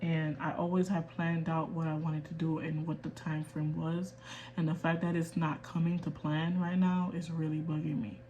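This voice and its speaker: A woman's voice: low-pitched, flat delivery, normal speed, muffled recording, slight background noise. Young woman in a candid vlog rant. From United States. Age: 20s. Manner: quiet and restrained, holding back tears, then firm and emphatic. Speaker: vlogger. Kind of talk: candid personal rant to camera.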